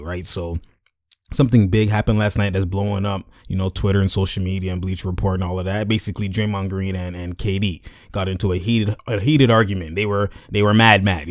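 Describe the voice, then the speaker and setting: Over a game clip, a man hosting his own YouTube channel offers casual sports commentary, loose and slangy, leaning on repeated filler phrases. Now and then he acts out what players say in quick put-on voices. His lowish voice comes through in a dry, clean studio recording.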